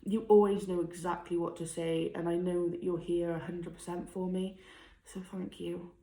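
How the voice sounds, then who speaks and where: A young woman, speaking heartfelt and a little tearful in a personal vlog, laughing softly between thoughts. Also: fairly low pitch, flat delivery, normal speed. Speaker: vlogger. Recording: echoey room.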